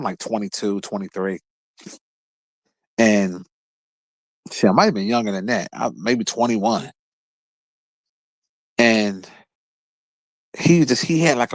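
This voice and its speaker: A man in his thirties with a Philadelphia accent, telling a story casually, cursing often and breaking into laughter. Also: no room sound. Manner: profane, laughing storyteller, lively bursts of pitch. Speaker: podcast host.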